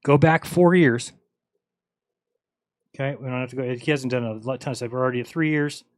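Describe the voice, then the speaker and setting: A man's voice: medium pitch, fairly quick, no room sound. Blunt, mocking male livestream host. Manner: blunt, mocking, acts out quoted dialogue. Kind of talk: casual livestream rant.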